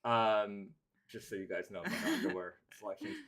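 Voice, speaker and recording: A man's voice: lowish voice, sing-song, a little fast, crowd noise. A man hosting a casual live stream, rambling loosely and reading viewer comments aloud. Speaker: host.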